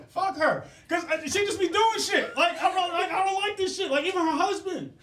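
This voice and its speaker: A man's voice: very high-pitched, fairly bright tone. A young man doing a profane stand-up set, riffing with the crowd and laughing at his own jokes. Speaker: stand-up comedian. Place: comedy club stage. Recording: roomy club sound.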